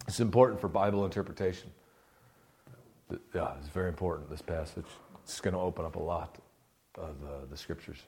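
A man's voice: sits low, a little fast, darkish tone, slight background noise. A man preaching a sermon in a conversational, impassioned way, rising into bursts of fervor.

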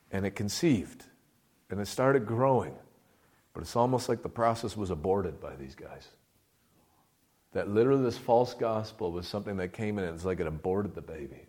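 A man's voice: lowish voice, darkish tone. A man preaching a sermon in a conversational, impassioned way, rising into bursts of fervor.

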